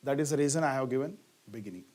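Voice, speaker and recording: A man's voice: mid-range voice, animated, very fast, darkish tone. A middle-aged man, teaching a grammar lesson and asking the class questions that he then answers himself, leaning hard on key words. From India.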